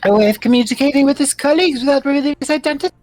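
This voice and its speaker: A woman's voice: high voice, racing, a little mellow, voice pushed up, natural voice. A woman voicing a poised female museum proprietor in game dialogue, with a composed, formal reading.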